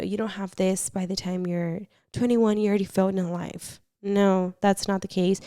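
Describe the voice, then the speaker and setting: A young woman hosts a casual advice podcast in a chatty, animated way, swearing casually as she reacts. Her voice sits at a middle pitch. The sound is dry and close, with no room echo. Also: smooth. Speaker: podcast host.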